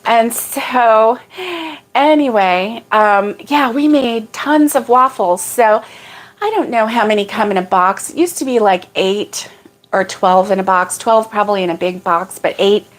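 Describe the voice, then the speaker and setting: A woman's voice: medium pitch, unhurried. A middle-aged woman hosting a casual morning livestream, rambling homily and greeting viewers by name with a lifted, friendly voice. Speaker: livestream host.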